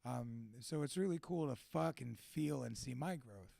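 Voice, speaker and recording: A man's voice: mid-range voice, normal speed, vocal fry, warm tone, no echo. A young man hosting a live community event at a tattoo shop, giving casual, rambling, profane closing remarks and laughing often. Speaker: event host and MC.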